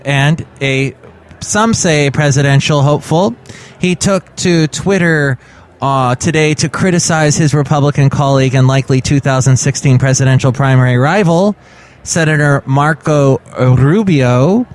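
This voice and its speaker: A man hosting a podcast, riffing on the news in a jokey way with big swings in pitch. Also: slight background noise. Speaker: podcast host. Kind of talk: comic news commentary.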